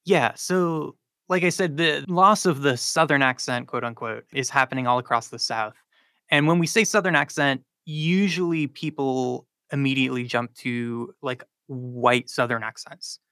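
A man's voice: mid-range voice, normal speed, pushed and bright, dry recording. A man, a linguistics professor, explaining his research on a radio interview with frequent ums and likes.

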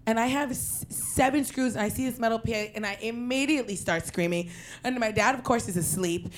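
A young woman from Queens telling a personal story in an animated, profane way, breaking into loud shouted quotes. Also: on the high side, a little fast, slight background noise. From Queens, New York.

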